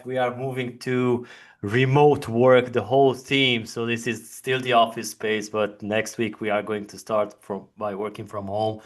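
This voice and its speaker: A man moderating a virtual industry panel from an office, chatty and prone to restarting his sentences. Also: on the low side. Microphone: video call.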